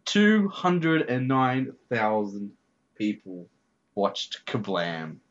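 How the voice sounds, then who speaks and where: A man's voice: lowish voice, sing-song, very slow. A man hosting a podcast in casual chat, earnestly running through viewing figures. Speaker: podcast host. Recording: slightly dull lo-fi mic with faint noise.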